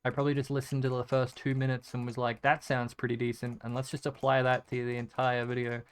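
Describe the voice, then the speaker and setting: A man's voice: medium pitch, completely flat delivery, fast, clean tone. A male gaming streamer giving casual gameplay commentary, muttering repeated item names as he clicks and swearing often.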